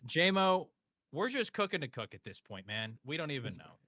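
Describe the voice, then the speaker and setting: A man hosting a casual live stream, tossing out offhand jokes and quick banter with chat and his co-host. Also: fairly high pitch, very animated, bright, forceful tone, dry recording.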